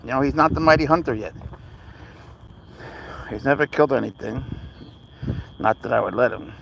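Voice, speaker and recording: A man's voice: mid-range voice, moderate pace, vocal fry, fairly bright tone, low-quality recording. Man, casual live-stream host, outdoors, rambling, faint road noise. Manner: rambling, easygoing, baby-talks to his cat. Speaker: livestream host with his pet cat. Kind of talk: casual live-stream chat, answering viewers. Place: outdoors on a walk near a road.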